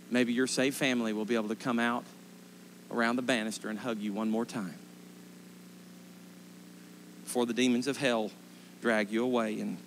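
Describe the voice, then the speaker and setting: A man's voice: mid-range voice, a little hiss or hum. Man preaching an emphatic sermon. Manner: emphatic storytelling, rising to loud impassioned pleas. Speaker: pastor. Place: church sanctuary.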